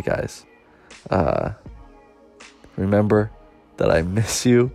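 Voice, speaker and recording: A man's voice: sits low, lively intonation, unhurried, pauses often, darkish tone, soft background music. A man, hosting a solo podcast in a rambling, chatty way and laughing often. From United States. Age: 20s. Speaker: podcast host. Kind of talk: casual solo podcast monologue.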